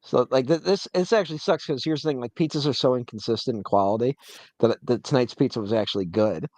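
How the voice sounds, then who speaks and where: A young man co-hosting a movie podcast, rambling and animated as he tells stories. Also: mid-range voice, fast, no echo. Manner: rambling, animated storytelling with laughs. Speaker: podcast co-host. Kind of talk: casual movie commentary chat.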